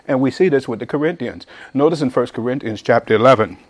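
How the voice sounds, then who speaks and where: A middle-aged man preaching a verse-by-verse sermon in a folksy manner, building to emphatic, near-shouted points. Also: mid-range voice, quick pace. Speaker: pastor.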